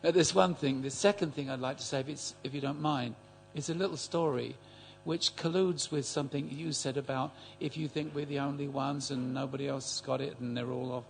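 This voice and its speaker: An older man telling a story in a group class, halting and repeating words as he speaks. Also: medium pitch, steady tone, gravelly, slight background noise. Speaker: class attendee.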